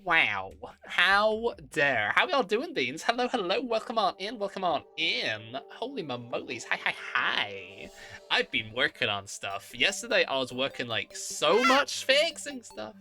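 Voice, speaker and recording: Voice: medium pitch, huge pitch swings, unhurried, pushed and bright, faint music behind. A streamer chatting live, greeting viewers with bubbly, goofy exclamations.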